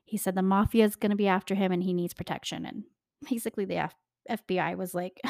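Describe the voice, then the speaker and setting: Young woman, podcast host, casual true-crime chat, animated, laughs often, dry close sound. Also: medium pitch, brisk, vocal fry, no echo. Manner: chatty, animated, laughs often, addresses listeners as "you guys".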